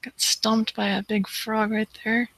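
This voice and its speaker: A co-host in casual talk, speaking hesitantly with many fillers and dropping to a hush when awed. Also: mid-range voice, little pitch movement, unhurried, no echo, rough recording. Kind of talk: casual live-show chat.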